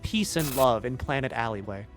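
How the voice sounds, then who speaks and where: A male streamer talks through a game at a middle pitch, half muttering the on-screen text and half riffing on it with irreverent jokes and the odd swear. His asides wander, stuffed with "like", with quiet game music under him. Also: lively intonation, normal speed. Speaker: streamer playing a video game. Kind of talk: casual gameplay commentary, reading game text aloud.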